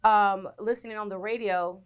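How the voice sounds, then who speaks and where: A woman's voice: mid-range voice, normal speed, clear, resonant tone, dull audio. A woman in her forties, a radio personality, chatting as a guest and acting out the people in her stories. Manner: animated storyteller, acts out quotes. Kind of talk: casual interview chat.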